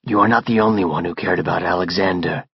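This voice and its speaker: A laconic male hired killer speaks in short, flat lines, as a male audiobook narrator puts him on. His voice is low and gravelly, with a dry, slightly dull recording. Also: quick pace, dry recording, heavily acted. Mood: curt. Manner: terse and flat.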